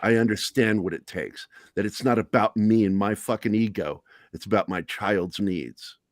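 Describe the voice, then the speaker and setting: A man's voice: fairly low pitch, moderate pace, no room sound. A middle-aged man hosting a talk show, telling candid personal stories in a blunt, profane, self-deprecating way. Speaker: podcast host.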